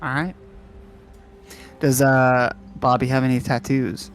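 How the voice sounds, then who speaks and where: Smooth-voiced man narrating as game master. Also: mid-range voice, fairly even intonation. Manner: measured storytelling with occasional fillers.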